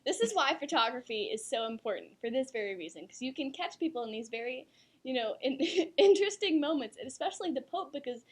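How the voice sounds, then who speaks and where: A woman's voice: sits high, expressive, fast. A young woman co-hosting a student talk show in a giggly, gushing casual chat, peppering her talk with "like.". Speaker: co-host.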